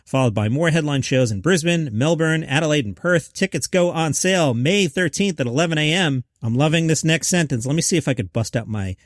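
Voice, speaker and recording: A man's voice: fairly high pitch, lively intonation, fairly quick, hardly any pauses, no echo, clean studio sound. A man hosting a comedy news podcast, reading headlines with jokey asides. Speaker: podcast host.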